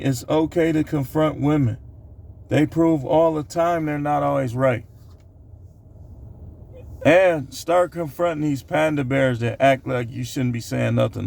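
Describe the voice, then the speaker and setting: Gravelly man rambling through a numbered list. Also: on the high side, darkish tone. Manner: loose, rambling delivery with many fillers. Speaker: channel host. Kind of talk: casual vlog monologue counting down a numbered list. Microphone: camera recording himself.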